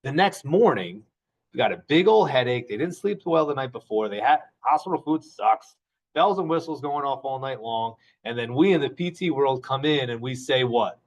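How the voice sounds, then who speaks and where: A man's voice: mid-range voice, lively intonation, moderate pace, rough recording. A man who is a physical therapist, lecturing a class in a conversational way, asking questions and acting out stories. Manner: conversational, asks the class questions, acts out anecdotes.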